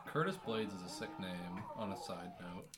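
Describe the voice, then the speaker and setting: A man's voice: sits low, lively intonation, normal speed, over music. A man guesting on a podcast in casual chat, wry and joking.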